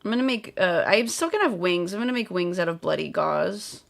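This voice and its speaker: A woman's voice: on the low side, lively intonation, brisk, gravelly, hardly any pauses. A woman live streaming while crafting, chatting casually and reading viewer comments aloud. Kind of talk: casual livestream chat.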